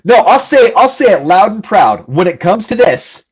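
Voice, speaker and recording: A man's voice: sits high, big pitch swings, moderate pace, slightly rough, poor audio. A man co-hosting a talk show, joking and mocking himself in casual banter. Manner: joking, self-mocking, acts out confused voices. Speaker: radio show co-host.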